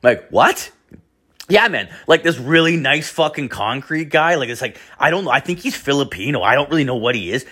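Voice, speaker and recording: Young man, casual storytelling, rambling, heavy on fillers and swearing, mid-pitched voice. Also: expressive, brisk, fairly bright tone, husky. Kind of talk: casual anecdote telling.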